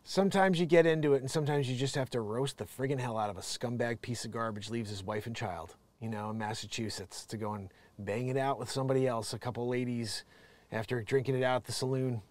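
A man's voice: medium pitch, quick pace, dry recording. A man hosting his own show, ranting comically from a home studio, rambling, profane and laughing often. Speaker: show host. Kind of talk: ranting comedic commentary.

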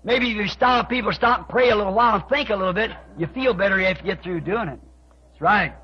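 A man preaching a sermon, telling stories and acting out conversations, with his voice climbing to shouts. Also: high-pitched, quick pace, slight background noise. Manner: storytelling, quoting both sides of conversations, rising to shouts. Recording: dull lo-fi archive tape recording.

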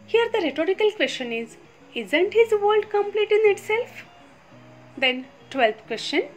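Woman grammar teacher, very high animated voice, patient and repetitive. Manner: slow, patient, repeats rules. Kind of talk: explaining grammar exercises step by step.

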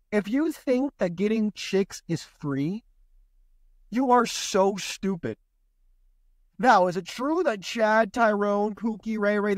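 A man with a high voice rants bluntly on his podcast, swearing freely and dripping with sarcasm. The sound is close and dry, with no room around it. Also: no room sound. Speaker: podcast host. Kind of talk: ranting podcast monologue.

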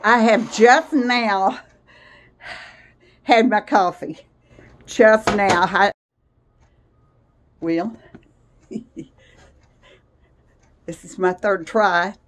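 A woman talks to her viewers at an easy, unhurried pace, her voice sitting in a mid range. She rambles from one thought to the next and laughs often. She sounds a little out of breath as she chats from her cottage kitchen. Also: mid-range voice, slight background noise. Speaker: vlogger. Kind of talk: casual chat to viewers.

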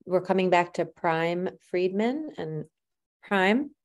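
A woman's voice: on the low side, animated, takes it slowly, very noisy. A woman chairing a public meeting, thanking speakers and calling the next one with brief, polite remarks.

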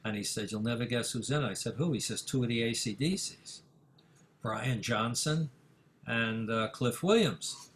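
An older man, a music manager, telling a story in an interview, full of fillers and acting out the dialogue with rising excitement. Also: mid-range voice, normal speed, slight background noise. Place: office in Manhattan.

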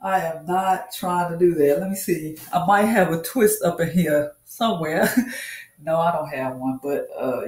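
A woman's voice: sits low, unhurried, a little mellow. Woman, chatty home tutorial, says y'all a lot, roomy echo. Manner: chatty, repeats herself, calls viewers y'all. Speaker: hair care vlogger. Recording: echoey room.

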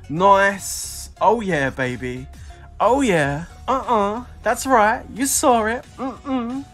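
A man streaming a game, excitable, whooping and laughing as rewards drop. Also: high-pitched, very slow, soft background music. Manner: excitable, shouting and laughing at drops. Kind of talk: live game commentary.

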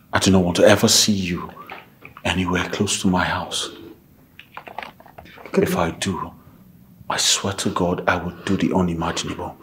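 A man's voice: low voice, fairly bright tone, a little hiss or hum. An actor playing a man who coldly warns someone away from his house. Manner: slow, cold and threatening.

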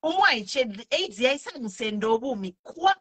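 Earnest Zambian woman, bright voice. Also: on the high side, sing-song, normal speed. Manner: earnest, pleading, switches languages mid-sentence. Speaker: speaker sharing testimony. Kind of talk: personal testimony mixing English and Bemba.

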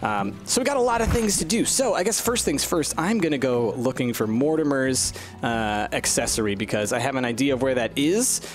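A man's voice: medium pitch, expressive, fairly quick, faint music behind. A man hosting a let's-play, chatting casually and animatedly over gameplay and cooing at the game's creatures.

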